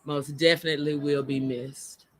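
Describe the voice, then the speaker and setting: A woman's voice: deep voice, fairly even intonation, normal speed. A woman hosting a casual livestream chat outdoors, talking with feeling and greeting viewers by name. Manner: emotional. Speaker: host of a live chat show. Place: outdoors by a motion-sensor light.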